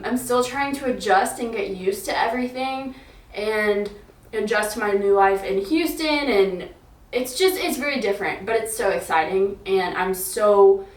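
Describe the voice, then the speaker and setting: A woman's voice: on the high side, reverberant, recorded from a distance, rough recording. A young woman from Alabama with a light Southern accent, chatting casually to camera in a vlog, upbeat and giggly with lots of ums and likes. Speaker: fitness influencer.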